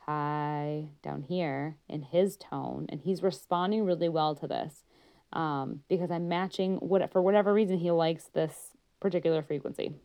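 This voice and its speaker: A woman's voice: lowish voice, moderate pace, creaky, warm tone. A woman working as a pediatric therapist gives a conversational educational talk, showing her points by acting out tones of voice.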